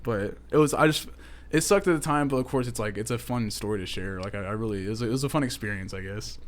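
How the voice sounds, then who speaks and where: A young man in his twenties with a drawl, co-hosting a casual podcast. He rattles through a long anecdote at a fast clip, filling it with "like", "dude" and casual swearing. His voice sits at an ordinary middle pitch. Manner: rambling, swears often, lots of "like" and "dude". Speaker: podcast co-host. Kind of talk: casual storytelling chat.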